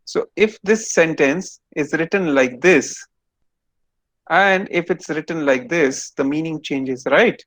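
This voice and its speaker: A man's voice: fairly high pitch, takes it slowly, fairly bright tone, no room sound. A man giving an online lecture to students over a video call, explaining step by step and quizzing them.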